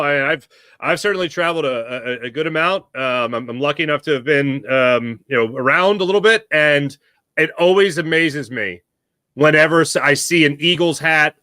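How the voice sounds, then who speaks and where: A bright, high-pitched man chats as a guest on a sports talk show. He tells animated stories and acts out the voices of the people in them. The sound is close and dry. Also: no echo. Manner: animated storyteller, acts out quotes. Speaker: guest commentator. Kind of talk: casual sports chat.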